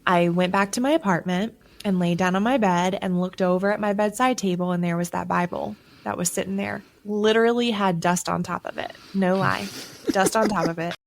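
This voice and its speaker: A young adult woman sharing her personal faith testimony as a podcast guest, with emotional, animated storytelling and surging emphasis. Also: mid-range voice, brisk, gravelly, few pauses.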